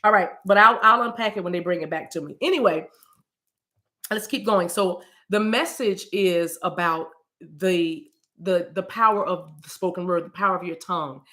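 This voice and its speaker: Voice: medium pitch, normal speed, pushed and bright. A rambling spiritual card reader. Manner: rambling, repeats words and restarts often; quotes scripture loosely. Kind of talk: casual spiritual message, card reading.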